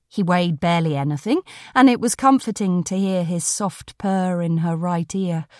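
Woman narrating an audiobook, slowish, lower voice, very dry close sound. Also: no room sound. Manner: measured, storytelling. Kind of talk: scripted narration.

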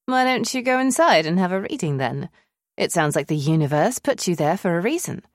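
A woman's voice: on the low side, very animated, fairly quick, no room sound, studio quality. A woman reading an audiobook, voicing a breezy, teasing female friend with a British accent. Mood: coaxing. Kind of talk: audiobook character voice.

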